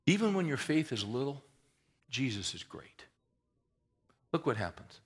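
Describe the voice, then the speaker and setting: A man preaching a sermon in a folksy, conversational way, rising to emphatic swells and dropping to hushed prayer. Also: mid-range voice, sing-song, a little slow. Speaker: pastor.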